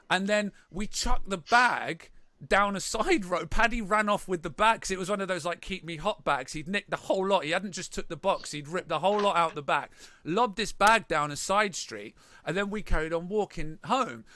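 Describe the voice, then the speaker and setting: A high, bright-toned man spins a rambling story in casual podcast chat, laughing as he goes and restarting his sentences. His voice sits close and dry, with little room sound. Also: animated, moderate pace, dry recording. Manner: rambling, laughing anecdote teller with many restarts. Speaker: podcast co-host, band member.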